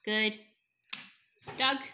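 A young woman teaching a toddler phonics at home, sounding out letters slowly in a sing-song, encouraging way. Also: pushed and bright, a little hiss or hum. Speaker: parent teaching a child to read.

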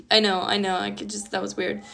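A woman's voice: mid-range voice, fairly bright tone. A woman musician talking casually on a livestream while crying, emotional and rambling with lots of fillers.

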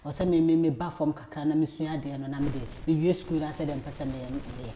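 A Ghanaian woman in her thirties, a talk show guest telling a personal story in lively casual chat, often repeating words as she goes. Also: low voice, fast talker, a little hiss or hum. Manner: animated, repeats words, laughs while telling.

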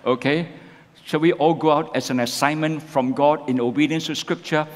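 A man's voice: a little high, fairly even intonation, normal speed. A male pastor preaching a sermon, asking the congregation rhetorical questions and tagging lines with "isn't it?". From Malaysia. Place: church sanctuary. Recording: long church hall reverb.

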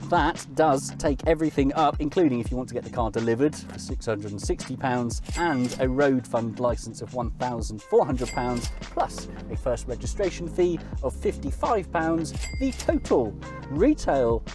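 A man's voice: medium pitch, lively intonation, normal speed, music in the background. A man who reviews cars in a chatty, wry way with joking asides. He talks while driving a car on country roads.

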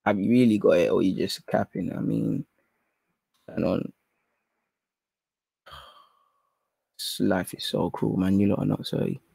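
A man hosting a live stream in casual chat. He is slangy and rambling, and he shifts between low mutters and excited outbursts. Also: measured pace, vocal fry, long pauses, husky, no room sound.

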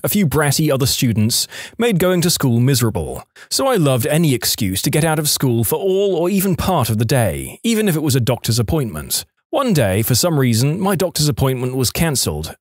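A man narrating online stories for a podcast with an expressive storytelling delivery, recorded close on a studio mic. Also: medium pitch, dry recording. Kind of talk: reading online stories aloud.

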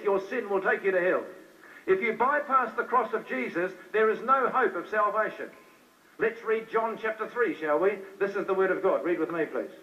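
A man preaching an evangelistic sermon to a hall, repeating himself and firing questions at the crowd. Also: sits high. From New Zealand. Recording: distant, dull old live recording.

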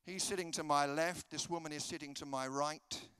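A man's voice: fairly high pitch, steady tone, normal speed, fairly bright tone, smooth, no echo. A British man preaching a humorous sermon, telling stories and acting out the dialogue in comic voices. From Britain. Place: conference hall.

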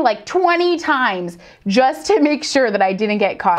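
Here a woman teacher with a medium-pitched voice reacts casually to something. Her commentary is lively and theatrical, with quick impressions of other voices mixed in.

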